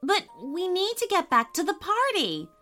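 A woman voicing an excited, curious young girl in a children's story. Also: very high-pitched, moderate pace, faint music behind, pitched above the performer's own voice, heavily acted.

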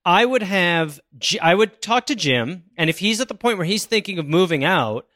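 A man's voice: high voice, expressive, fairly bright tone, no room sound. Dry-voiced teasing podcast co-host, a man. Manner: teasing, measured when advising. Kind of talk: casual podcast chat.

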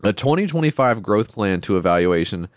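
A man co-hosting a podcast in casual chat, ranting and swearing with lively swings in pitch. His voice sits fairly low. The sound is dry and close. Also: fairly quick, no room sound. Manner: exasperated ranting, swears a lot. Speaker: podcast co-host.

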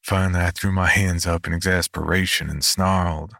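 A man narrating a horror story in a measured, grim manner. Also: deep voice, flat delivery, creaky, pushed and bright, no echo, studio quality. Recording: narration over background music.

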